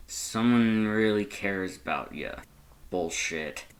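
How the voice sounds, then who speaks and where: A man's voice: fairly low pitch, expressive, slow. A man voicing a crude, drunk skeleton monster who mumbles and slurs his words. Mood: scornful.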